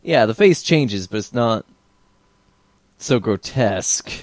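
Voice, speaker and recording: A man's voice: fairly low pitch, animated, takes it slowly, no echo. A man commenting on a film with friends, offering dry asides and fan trivia. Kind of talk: joking commentary over a film.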